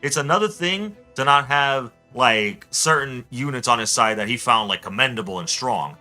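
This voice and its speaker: A young man streaming a game, rambling excitably as he tells stories and chats. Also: medium pitch, normal speed, faint music behind. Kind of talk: casual gameplay chat.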